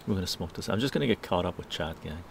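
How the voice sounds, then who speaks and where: Man, low gravelly voice, rambling casual chat, live stream host, outdoor patio, faint background noise. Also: animated, quick pace. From Canada. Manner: rambling, tag questions like "right?".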